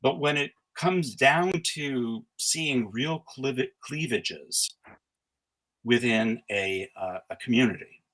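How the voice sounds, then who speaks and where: A middle-aged man speaking as the guest scholar in a conversational interview, thoughtful and halting, with frequent restarts and fillers. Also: medium pitch, a bit bright, low-quality recording.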